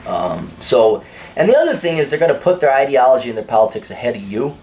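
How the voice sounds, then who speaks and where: A man's voice: medium pitch, very animated, fast talker, a little mellow, a little hiss or hum. A man hosting a casual opinion monologue in a blunt, crude and sardonic way. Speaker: host.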